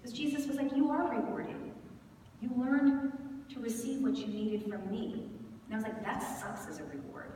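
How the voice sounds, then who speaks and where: A woman in her thirties giving a candid, animated storytelling sermon at a conference, often laughing as she talks. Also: fairly high pitch, moderate pace, long pauses. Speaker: conference speaker. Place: large conference hall. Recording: echoey hall from far off, noisy.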